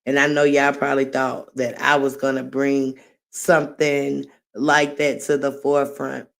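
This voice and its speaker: A woman chatting casually on her own live stream. She talks at an unhurried pace, rambling from one thought to the next, and laughs along at her own jokes. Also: extremely low pitch, flat delivery, creaky. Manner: refers to herself by name in the third person.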